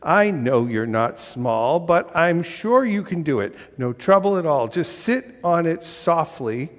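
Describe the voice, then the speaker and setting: A man's voice: a little high, expressive, unhurried, in a large hall. A man reading a storybook aloud, voicing a lazy, pushy female bird in a coaxing sing-song.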